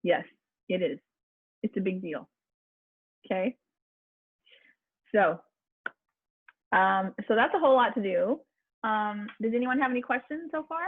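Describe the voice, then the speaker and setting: Woman, voice coach, husky, encouraging, chatty, phone-like video-call sound, dry. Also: medium pitch, lively intonation, measured pace, pauses often, no echo. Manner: encouraging, chatty, with fillers and restarts. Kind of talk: online public speaking class.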